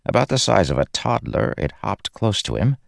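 A man narrating an audiobook in a measured, grave storytelling manner. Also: lowish voice, big pitch swings, creaky, no room sound, studio quality.

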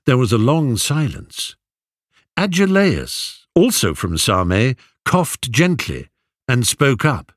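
A man narrating an audiobook in a measured, expressive reading, recorded close. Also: mid-range voice, no echo. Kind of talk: audiobook storytelling.

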